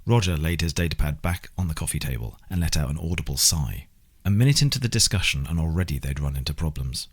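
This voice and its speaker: A man narrating an audiobook with measured, expressive storytelling. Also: rumbling low, breathy edge.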